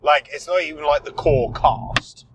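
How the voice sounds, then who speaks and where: A man's voice: fairly high pitch, measured pace, a little hiss or hum, low-quality recording. Tired man in casual chat. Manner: relaxed, agreeable, often backs up his co-host. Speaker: podcast co-host. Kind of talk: casual film review chat. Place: inside a car.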